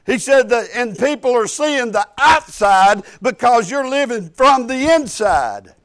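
A man's voice: extremely high pitch, lively intonation, a little slow, fairly bright tone. A man, preaching in a folksy, rambling storytelling way and repeating "I said" as he goes. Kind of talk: sermon storytelling.

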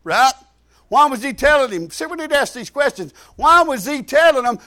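A pastor delivers his sermon in a very high voice. His folksy talk jumps from loud, shouted lines to quiet asides. The tone is bright and forceful. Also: expressive, moderate pace. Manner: folksy, rising to shouts then dropping low.

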